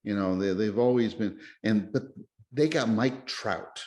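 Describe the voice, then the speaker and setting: A man chatting casually as a podcast host, rambling and excitable with many restarts. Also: fairly low pitch, measured pace. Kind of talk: casual chat. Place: lives in Japan.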